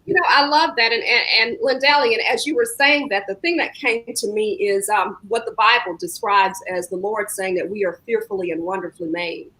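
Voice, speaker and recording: A woman hosting a live online talk show over a video call, chatting warmly and encouraging her guest. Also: mid-range voice, steady tone, fairly quick, few pauses, low-quality recording. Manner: warm churchy encouragement, says y'all often. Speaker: host.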